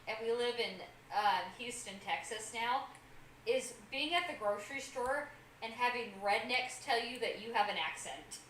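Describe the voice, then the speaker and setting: A woman's voice: on the high side, animated, normal speed, a bit bright, slight background noise. A woman from Utah co-hosting a live stream, chatty and teasing as she reads viewer comments aloud. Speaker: co-host reading chat. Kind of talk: casual live-stream chat. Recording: roomy, distant from mic.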